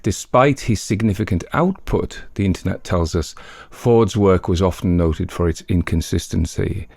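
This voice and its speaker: A man's voice: low voice, moderate pace, gravelly, darkish tone, dry recording. A man hosting a story podcast, chatting casually about the stories, correcting himself as he goes and using lots of fillers. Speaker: podcast host. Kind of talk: casual commentary between stories.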